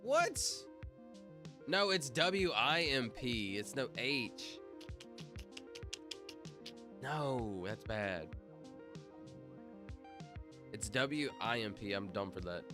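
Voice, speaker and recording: Over background music, a man streaming live spells out letters for a word game and chats casually with viewers. He speaks on the low side, drawing out his words and leaving long pauses.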